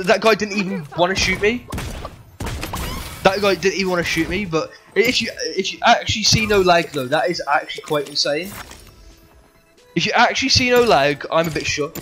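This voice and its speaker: Bantering sweary streamer lad. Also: male voice, high voice, bright, forceful tone. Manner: bantering, sweary, talks to chat with laughs. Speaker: livestreamer. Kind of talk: live game streaming chat.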